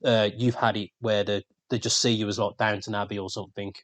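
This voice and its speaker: Brummie guy, lowish voice, laid back sweary podcast chat. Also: flat delivery, fast, a bit bright. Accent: Birmingham. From England. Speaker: podcast co-host. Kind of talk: casual chat.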